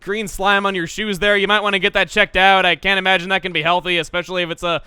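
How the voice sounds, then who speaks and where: A man's voice: sits high, level tone, fast, pushed and bright, clear, resonant tone, no echo. A man voicing a peppy young game girl in a Scottish accent, breezy and chummy as he reads her lines. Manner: breezy, chummy, upbeat, reading game dialogue. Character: peppy young female squid-kid, laid-back and chummy. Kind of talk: video game dialogue read-aloud.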